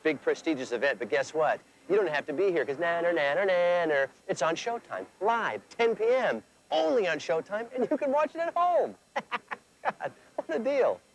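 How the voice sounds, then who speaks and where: A man's voice: high-pitched, sing-song, moderate pace, a little hiss or hum, rough recording. A man hosting a comedy festival promo on location, wisecracking and playful. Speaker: host.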